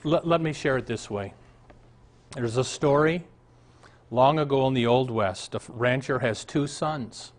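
A man's voice: medium pitch, measured pace. A male pastor, preaching a sermon that moves from storytelling to emphatic outbursts.

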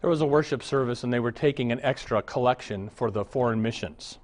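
A man's voice: medium pitch, fairly quick. A man, a pastor, preaching a sermon full of anecdotes, mixing humor with exhortation. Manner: animated storytelling, mixes humor with exhortation.

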